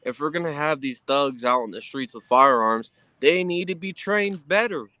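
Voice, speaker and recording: A man's voice: on the high side, normal speed, pushed and bright, no room sound. A guest on a casual chat, an emotional man ranting heatedly and cursing a lot.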